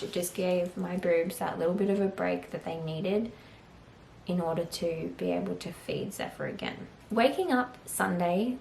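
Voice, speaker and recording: Young woman, low gravelly voice, candid chatty vlog storytelling, recorded in an echoey room. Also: a little mellow, a little hiss or hum. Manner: chatty, open, heavy use of "like". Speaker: vlogger, new mother.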